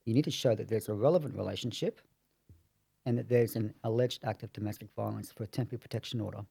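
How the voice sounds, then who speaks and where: Gravelly-voiced lawyer explaining. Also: male voice, lowish voice, quick pace, mellow, no room sound. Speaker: family lawyer. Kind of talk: podcast interview explanation.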